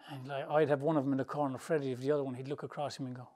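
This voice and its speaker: A man's voice: mid-range voice, racing, a little hiss or hum. A man from England, a boxing trainer, telling loose, colloquial stories in an interview and often laughing through them. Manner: animated storyteller, laughs through anecdotes; loose, colloquial, rambling phrasing. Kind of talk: storytelling interview answers.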